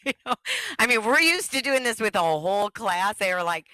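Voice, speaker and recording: A woman leading an online music workshop for teachers, talking and breaking into high sung echo songs. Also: lively intonation, fairly quick, pushed and bright, clean studio sound.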